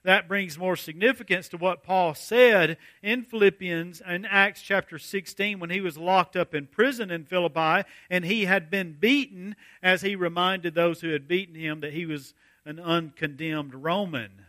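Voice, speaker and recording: Male pastor, bright high voice, dry close mic, measured expository preaching. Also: steady tone, no room sound. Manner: measured, deliberate, slows to stress key phrases. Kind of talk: expository sermon reading scripture.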